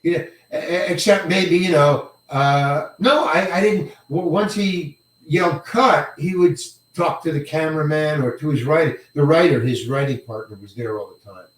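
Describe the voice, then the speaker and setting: An older male actor telling a career story in an interview, halting and rambling, often repeating words and chuckling. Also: a little high. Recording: roomy echo, mic set far away.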